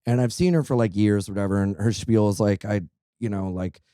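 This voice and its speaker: A man's voice: lowish voice, fairly quick, clean tone, no echo, clean studio sound. A young man co-hosting a podcast, telling comic stories in casual chat, swearing freely and acting out the people he quotes. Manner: animated, swears freely, acts out quoted voices. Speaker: podcast co-host. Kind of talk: casual comedic storytelling.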